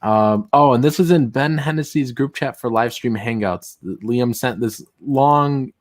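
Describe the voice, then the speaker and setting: A man's voice: medium pitch, measured pace, no echo. A man hosting a casual talk show, reading messages aloud with sarcastic asides and frequent laughter. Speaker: show host.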